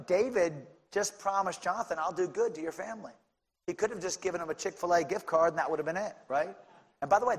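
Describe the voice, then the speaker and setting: A male pastor preaching a sermon, swinging from casual talk with the congregation to fervent shouting. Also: a little high, vocal fry, slightly rough. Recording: long hall reverb.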